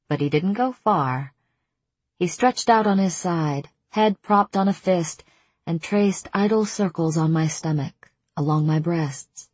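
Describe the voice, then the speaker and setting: A woman narrating a first-person romance audiobook in a hushed, intimate, lingering delivery. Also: low voice, slightly rough, no echo.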